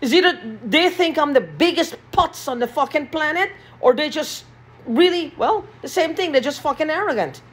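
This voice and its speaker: A woman's voice: sits high, lively intonation, normal speed. A woman in an agitated, repetitive vlog rant, swearing often, recorded in a small basement room. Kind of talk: ranting vlog monologue.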